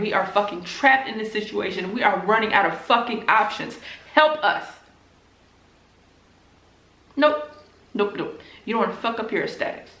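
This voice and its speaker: A woman's voice: medium pitch, a bit bright. A woman who makes book videos, angrily ranting straight at her viewers, blunt and profane and hammering her points through repetition. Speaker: BookTube creator. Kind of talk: angry direct-to-camera rant. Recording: roomy echo.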